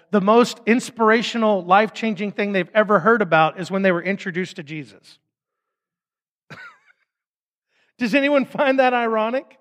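A man's voice: high-pitched, a bit bright. A man, preaching a sermon, reading scripture and breaking into joking asides and acted-out voices. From Fort Smith, Arkansas. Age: 30s. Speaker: pastor. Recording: long hall reverb.

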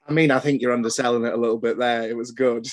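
A man's voice: medium pitch, steady tone, fast. A young man with a Scottish accent hosting a casual chat, eager, filling his talk with "like" and swearing casually. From Scotland. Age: young adult. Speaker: podcast host.

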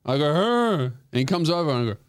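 A man telling a comedic story on his podcast, animated and swearing, acting out the other voices. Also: mid-range voice, racing, smooth, no room sound, studio quality.

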